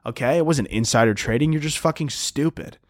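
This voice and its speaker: A young man hosting a solo comedy podcast, rambling and sarcastic, swearing often and breaking into squeaky mocking voices. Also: fairly quick, dry recording, studio quality. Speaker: podcast host.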